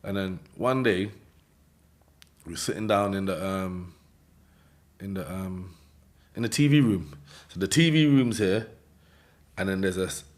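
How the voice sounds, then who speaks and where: A man with a London accent telling his life story in an interview, in slangy, animated street talk. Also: low-pitched, measured pace, long pauses.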